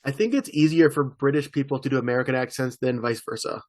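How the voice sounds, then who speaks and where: A man co-hosting a podcast, chatting casually in a rambling way with quick asides. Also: medium pitch, no room sound. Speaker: podcast co-host. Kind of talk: casual chat.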